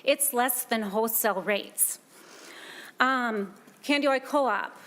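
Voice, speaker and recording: A woman's voice: fairly high pitch, slow pace, fairly bright tone. A woman from Minnesota, a small business owner, giving earnest, emphatic testimony before a legislative committee and repeating her key points. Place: legislative hearing room.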